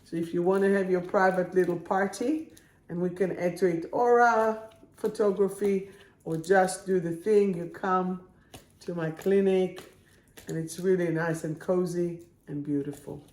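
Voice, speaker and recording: A woman working as a spiritual coach, reading affirmation cards to viewers in a slow, soothing, affirming way during a live stream. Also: on the low side, darkish tone, echoey room.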